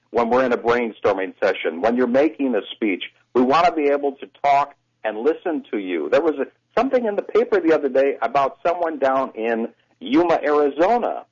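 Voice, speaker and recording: A man who coaches voices, explaining things in a lively, teacherly way as a guest on a radio talk show, heard over a phone line. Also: mid-range voice, breathy edge.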